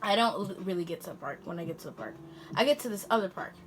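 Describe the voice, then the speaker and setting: A teenage girl vlogger telling a storytime in an animated, slangy way. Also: lowish voice, fast, faint music behind. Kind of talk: storytime vlog.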